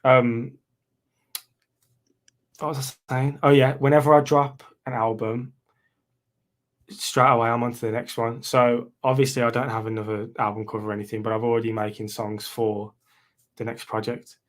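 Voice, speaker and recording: British male musician guest, mid-pitched, relaxed and matter-of-fact, on a call. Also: normal speed, long pauses. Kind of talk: casual chat. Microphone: video call.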